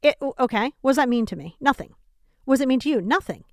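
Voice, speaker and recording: A woman hosts a self-help podcast from home, talking in a casual, animated way. She is emphatic and speaks straight to the listener, often asking rhetorical questions. Her voice sits a little high and sounds dry and close. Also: quick pace, no echo. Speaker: podcast host.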